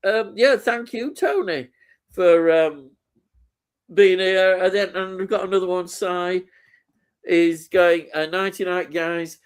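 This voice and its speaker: A man's voice: high voice, slow, clean tone. A man co-hosting a casual live stream, reading out viewer comments with lots of ums and easy laughter.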